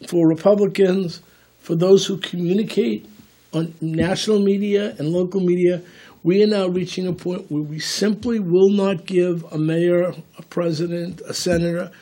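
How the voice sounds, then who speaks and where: A man's voice: sits high, warm tone. An older man in casual political talk, rambling and repeating words while telling anecdotes. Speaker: political commentator.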